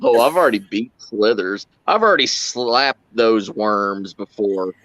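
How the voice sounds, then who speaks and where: A man with a Southern US accent hosting a casual live stream, telling stories with animated delivery. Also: on the low side, a little slow, no room sound, low-quality recording. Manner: animated storyteller, slips into exaggerated drawl. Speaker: channel host.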